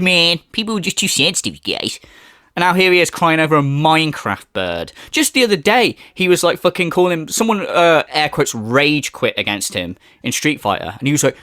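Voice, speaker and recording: Sarcastic male streamer, lively pitch. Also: a little fast, no echo, clean studio sound. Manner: sarcastic, profane ranting. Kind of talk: livestream commentary.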